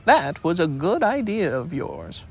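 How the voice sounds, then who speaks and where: A man's voice: on the high side, wildly swooping pitch, a little slow, creaky, slightly rough, voice pushed up, exaggerated voice. A man voicing a fussy, self-important male rabbit in a storybook reading, speaking in a bossy, officious manner.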